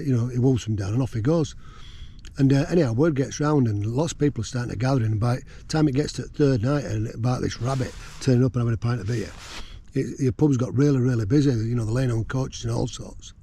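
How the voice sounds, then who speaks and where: A man's voice: mid-range voice, brisk, warm tone, slightly rough. A man chatting casually from his tent while wild camping, rambling with lots of fillers. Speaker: vlogger. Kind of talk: casual outdoor chat. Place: tent on a windy hill.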